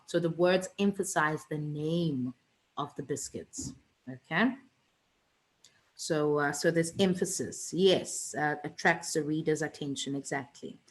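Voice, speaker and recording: A woman's voice: deep voice, poor audio. A woman teaching an online revision lesson, chatty and teasing, with many fillers and restarts.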